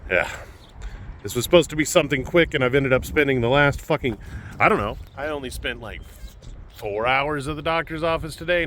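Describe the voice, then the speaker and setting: A man's voice: medium pitch, a bit bright, a little hiss or hum. A man venting on his vlog, frustrated and swearing as he rants about his day. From Kansas, United States. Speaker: vlogger.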